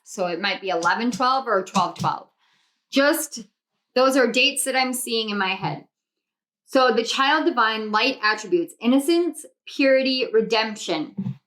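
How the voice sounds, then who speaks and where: A young woman doing a pick-a-card tarot reading, gushing and exclamatory as she speaks to her viewers. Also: fairly high pitch. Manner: gushing, excitable, spiritual, exclamatory. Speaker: tarot reader.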